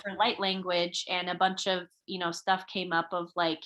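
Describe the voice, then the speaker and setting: A woman's voice: medium pitch, steady tone, measured pace, a bit bright, rough recording. A young woman shares thoughts in a book discussion over a video call. She speaks in a mid-range voice, hesitant and full of fillers as she works through her ideas. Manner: hesitant, many fillers and restarts. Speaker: book club member. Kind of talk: casual reflective sharing.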